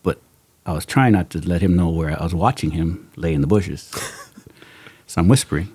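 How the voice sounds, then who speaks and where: A man's voice: low-pitched, brisk, breathy edge, no room sound. A middle-aged man hosting a podcast, telling stories in a casual chat, acting out quotes and laughing often. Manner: animated storyteller, acts out quotes, laughs often.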